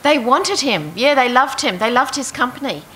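A woman's voice: high voice, expressive, normal speed, a bit bright, poor audio. A woman teaching a Bible passage to a group, reading verses aloud and asking her listeners questions. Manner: asks the audience questions, reads verses aloud. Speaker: preacher.

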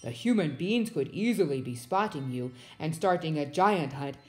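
A woman voicing a huge, bullying, man-eating male giant who booms loud and taunting words. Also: lively intonation, moderate pace. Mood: menacing.

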